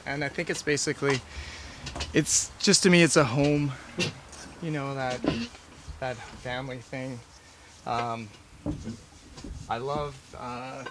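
A man with a medium-pitched voice teaches a live cooking class in a farm kitchen before an audience, chatting and rambling with lots of fillers and restarts. Heavy background noise runs under his casual demonstration.

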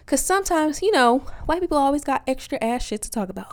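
A woman from Wisconsin delivering a casual comedic monologue, profane and animated, laughing often and mimicking other voices. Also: high-pitched, quick pace, hardly any pauses.

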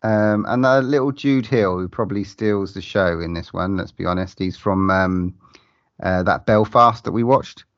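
Male podcast co-host, easygoing and sweary, low and animated, slightly dull recording. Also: normal speed, no room sound. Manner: laid-back, swears casually. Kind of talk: casual film chat.

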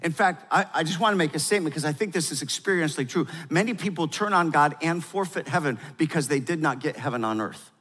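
A man's voice: a little high, animated, a little fast, breathy edge. Older male pastor preaching in a reverberant hall. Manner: emphatic preaching, swings from loud urgency to quiet gravity. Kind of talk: sermon.

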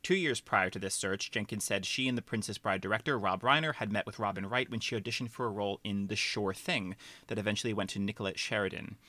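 A man with a bright, fairly low voice hosts a relaxed movie chat. He reads quoted anecdotes with lively flair. The sound is dry and close. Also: quick pace, no room sound. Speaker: podcast host. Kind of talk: casual chat, reading quotes aloud.

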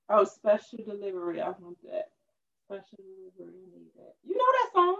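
Animated, lively woman, slangy chat. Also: medium pitch, brisk, gravelly. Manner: animated, laughing, slangy and expressive. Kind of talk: casual chat over a music quiz. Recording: dull lo-fi sound.

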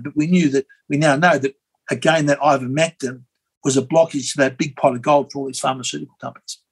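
An Australian man, a former member of parliament, telling a rambling, animated story as an interview guest, with many fillers and restarts. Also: on the high side, breathy edge, poor audio. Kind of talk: conversational storytelling.

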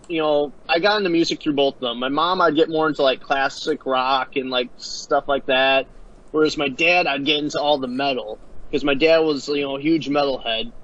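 A man's voice: mid-range voice, a bit bright, muffled recording. A man co-hosting a casual podcast, rambling with fillers and swearing. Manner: profane, rambling, many fillers. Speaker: podcast co-host.

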